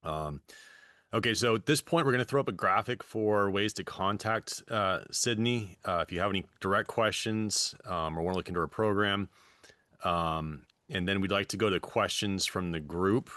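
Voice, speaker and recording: A man who was a fire chief, hosting a webinar and asking questions in a measured, friendly way, thinking aloud with fillers. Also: deep voice, sharp tone, dry recording. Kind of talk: webinar moderating.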